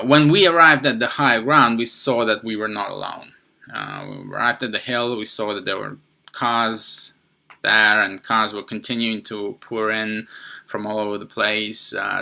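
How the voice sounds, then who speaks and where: Gravelly, sharp-toned man recounting a story. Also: fairly low pitch. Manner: halting, many fillers and restarts. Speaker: podcast host. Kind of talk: first-person storytelling.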